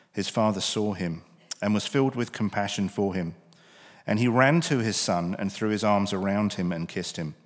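A man with a British accent reading scripture aloud in church, earnest and measured. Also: lowish voice. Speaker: scripture reader. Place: church sanctuary. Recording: long reverb of a large hall.

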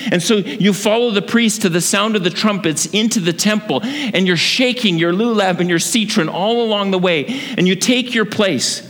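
A man preaching a sermon, telling a vivid story that swells with excitement. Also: a little high. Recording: long hall reverb with faint ambience.

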